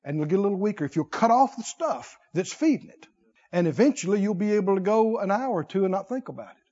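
A man preaching a sermon, animated, with call-and-response and comic asides. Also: sits high, fast, long reverb tail, muffled recording.

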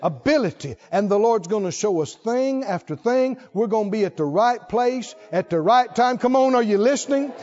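A man preaching a sermon to his church, telling a folksy story that builds into shouted excitement. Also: high voice, moderate pace, few pauses, dull audio. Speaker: pastor. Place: church sanctuary.

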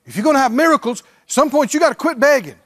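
A man's voice: very high voice, very animated, fast, a bit bright. A male pastor preaching a sermon, drawing on the congregation and mimicking pleading prayers.

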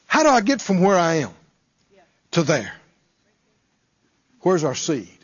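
A man's voice: on the high side, very animated, takes it slowly, husky, highs cut off. A male preacher delivering a dramatic sermon, acting out pleading prayers and firing off rhetorical questions in folksy phrasing.

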